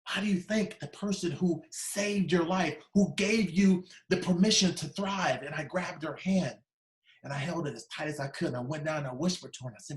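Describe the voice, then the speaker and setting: A man giving an emotional motivational keynote, telling a personal story and quoting others, his voice dropping soft in tender moments. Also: fairly high pitch, normal speed, roomy sound. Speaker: keynote speaker. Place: conference video call.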